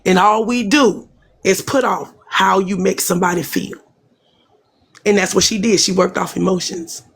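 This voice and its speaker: Woman, livestream guest, husky, earnest advising, casual talk. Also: mid-range voice, steady tone, moderate pace. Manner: earnest, advising, asks repeated questions.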